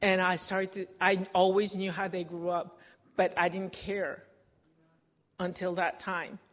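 A woman's voice: lowish voice, little pitch movement, a little slow, big-room sound. A woman telling her recovery story in a candid, self-deprecating way, often laughing at herself. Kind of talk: personal recovery testimony.

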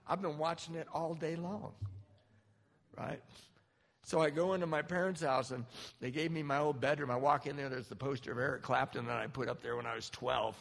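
A middle-aged man giving a personal recovery testimony, animated storytelling with acted-out quotes. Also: a little high, a little fast, vocal fry. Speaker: speaker sharing a recovery story. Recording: long hall reverb.

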